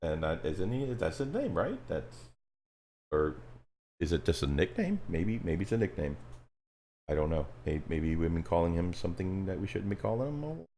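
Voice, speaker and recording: A man co-hosting a casual live-stream chat, teasing and animated, with hesitant restarts. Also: sits low, moderate pace, a little hiss or hum. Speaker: podcast co-host.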